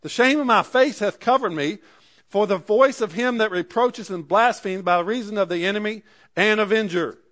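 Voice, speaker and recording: High-voiced man preaching. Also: moderate pace, a bit bright. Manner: reads scripture aloud and paraphrases it in plain speech. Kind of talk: sermon.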